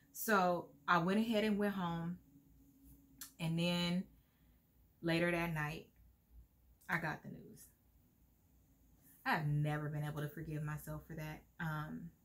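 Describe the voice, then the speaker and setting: A middle-aged woman talks straight to her viewers, earnest and heartfelt. Her voice sits a little low, and she sounds close to tears at times. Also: a little slow, long pauses. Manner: heartfelt, earnest, lively pitch swings. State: emotional, near tears at times. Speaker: vlogger. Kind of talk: casual talk to camera.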